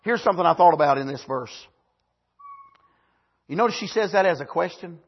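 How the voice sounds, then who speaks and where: A man preaches with fervent energy, his high voice husky around the edges. He swings from shouted exclamations down to quiet asides and punctuates his points with amens. The recording sounds dull and lo-fi. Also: animated, brisk. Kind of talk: sermon.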